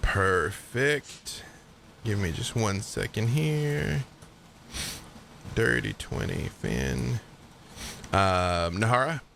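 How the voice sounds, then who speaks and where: A man's voice: lowish voice, sing-song, drawn-out words, vocal fry, pauses often, fairly bright tone, slight background noise. A man narrating a tabletop game as game master in a laid-back way, with fillers.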